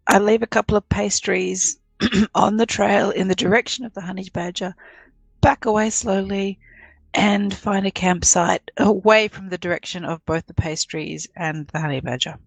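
Female player, playful and chatty, gravelly edge, dry close sound. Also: mid-range voice, steady tone, moderate pace, dry recording. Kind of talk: casual tabletop play.

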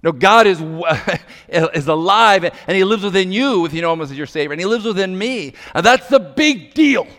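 Pastor guy preaching, kinda high voice, acts out the story voices, big echoey church hall. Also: normal speed. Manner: animated, acts out quoted voices. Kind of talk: sermon with storytelling. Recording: long hall reverb.

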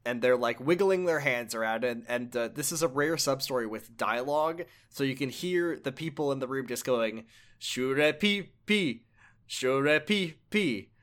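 A man's voice: medium pitch, normal speed, hardly any pauses. A man in casual chat, recapping a video game story in a rambling way with many fillers and self-corrections.

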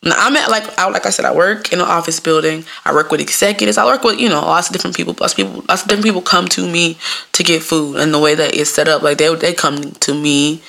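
A woman podcast host from the Midwest talks through a loose comic monologue and slips into the voices of the people she quotes. Her voice sits a little low, with a gravelly fry and a bright, forceful edge. She stays lively and animated throughout. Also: fast talker. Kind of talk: casual comedic monologue.

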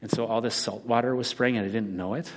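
A man's voice: medium pitch, fairly even intonation, quick pace. A man in his forties, a pastor giving a conversational sermon that mixes scripture with personal stories. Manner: conversational preaching with personal anecdotes.

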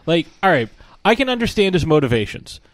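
A man's voice: a little high, big pitch swings, fairly quick, no echo. A man co-hosting a podcast, ranting in a casual, irreverent and profane way. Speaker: podcast co-host.

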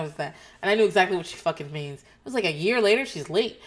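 Woman, middle-aged, podcast host, loose rambling chat, frequent swearing, slightly low voice. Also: lively intonation, fast, few pauses. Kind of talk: casual chat.

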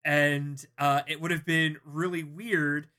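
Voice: medium pitch, level tone, slow, bright, forceful tone. A podcast co-host talking in a laid-back, chatty and wry way. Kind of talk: casual chat.

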